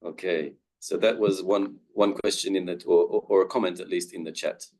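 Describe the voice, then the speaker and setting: An Australian man giving a webinar talk on accents, thoughtful, with many pauses and restarts, heard over a video call. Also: sits low, fairly even intonation, a little mellow, husky, low-quality recording. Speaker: webinar guest speaker. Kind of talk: informal talk with audience questions.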